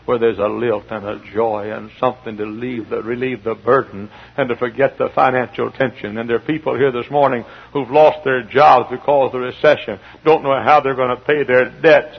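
A middle-aged male pastor preaching a sermon in a large church, swinging from quiet storytelling to loud shouting, with a husky voice. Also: mid-range voice, fairly even intonation, fairly quick, few pauses. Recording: dull lo-fi church recording.

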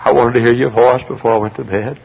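A man pastor preaching a fiery sermon. He swings from shouted peaks to hushed, slow pleas. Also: mid-range voice, steady tone, gravelly, slightly rough. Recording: dull lo-fi archival sermon tape.

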